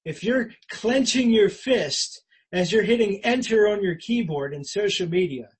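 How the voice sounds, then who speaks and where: A man preaching a sermon as pastor, earnest and conversational, rising for emphasis and dropping quiet. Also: high-pitched, animated, a little slow, husky, rough recording. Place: church.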